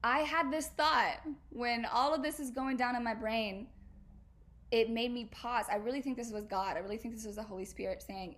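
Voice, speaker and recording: A young woman talks straight to her listeners in a candid podcast chat. Her voice sits a bit high, and her casual slangy delivery jumps into loud emphatic bursts and frequent laughs. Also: fairly quick. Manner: animated, slangy, laughs often, emphatic outbursts. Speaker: podcast host.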